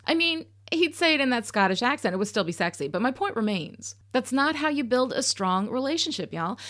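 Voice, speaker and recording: A woman's voice: fairly high pitch, fairly bright tone. A woman hosting a podcast, giving candid, sarcastic commentary on a TV episode, swearing casually. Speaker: podcast host.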